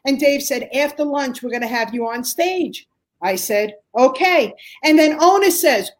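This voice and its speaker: An older woman recounts a personal story with animated expression. Her voice sits fairly high, and she acts out quoted lines with sudden leaps in pitch. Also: a little slow, poor audio. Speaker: guest telling her story. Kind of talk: emotional personal testimony.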